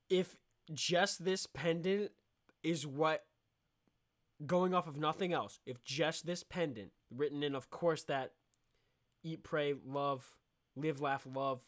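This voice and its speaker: A man's voice: fairly high pitch, unhurried. A young man hosting a comedy podcast, riffing in a sarcastic, rambling monologue. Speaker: podcast host.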